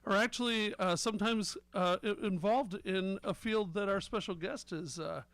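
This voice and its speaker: A man co-hosting a talk show, speaking in a halting way with many filler sounds. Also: sits high, fairly bright tone, dry recording. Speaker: co-host. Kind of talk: casual talk show chat.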